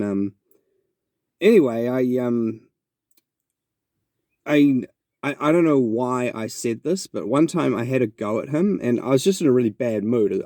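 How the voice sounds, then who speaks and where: Here a podcast host with a New Zealand accent talks his way through a meandering, thoughtful tale, often starting over. The voice is medium in pitch and dark in tone, captured at studio quality without echo.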